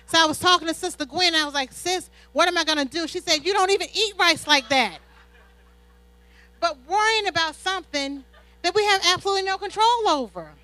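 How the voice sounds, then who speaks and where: Bright high-voiced woman preaching a sermon. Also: fairly quick, dry recording, poor audio. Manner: animated storytelling, call-and-response "Amen?". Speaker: pastor's wife preaching. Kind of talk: sermon with personal stories.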